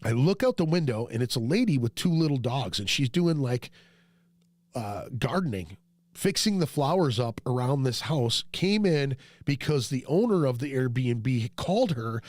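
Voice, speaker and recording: A man hosting a podcast who tells a rambling, profane, self-mocking story and jumps into high yelps when quoting himself. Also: sing-song, normal speed, darkish tone, no room sound. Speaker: podcast host. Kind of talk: casual storytelling monologue.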